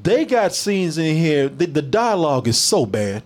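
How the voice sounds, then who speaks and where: A man reviewing a movie in casual chat with a live stream, animated and profane, mocking bad lines. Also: on the high side, measured pace.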